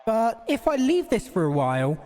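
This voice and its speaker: A Scouse woman streamer chats and swears her way through a game, with a lively, bouncing delivery. The sound is dry and close. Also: fairly high pitch, normal speed, no room sound. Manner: chatty, sweary, laughing at herself. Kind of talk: live game stream chat.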